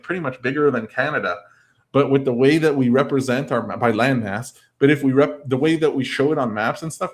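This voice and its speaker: A man talking casually on a livestream. He rambles, filling his speech with "like" and "I don't know", and reads out and answers viewer comments. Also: medium pitch.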